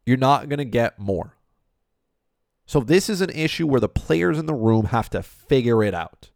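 Man, sports-talk ranter, gravelly voice, dry close mic, emphatic and repetitive. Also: mid-range voice, lively intonation, normal speed, a little mellow, no echo. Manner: emphatic, repeats points, rhetorical questions. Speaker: hockey commentator. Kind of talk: opinionated sports talk monologue.

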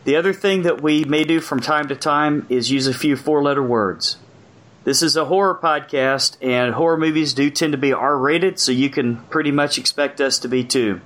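A man hosting a horror podcast, introducing guests in relaxed casual chat with fillers. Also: on the high side, normal speed. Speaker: podcast host.

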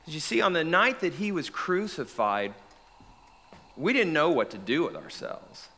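An actor playing the apostle Peter, an earnest, remorseful fisherman, telling his story in the first person and swinging from hushed to shouted. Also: fairly high pitch, big pitch swings, normal speed, exaggerated voice. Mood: reflective. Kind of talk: dramatic monologue. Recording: long reverb of a large hall.

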